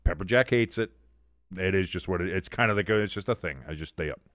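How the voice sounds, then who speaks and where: A man's voice: low voice, quick pace, a bit bright, dry recording. A man hosting a sports watch-along stream, chatting casually with chat and calling the plays in a rambling way with many restarts.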